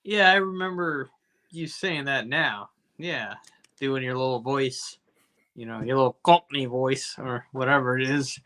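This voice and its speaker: Brief: male podcast co-host, bright and punchy, profane rambling recap. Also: medium pitch, measured pace. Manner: profane, rambling, jokey asides. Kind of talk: casual comedy movie review.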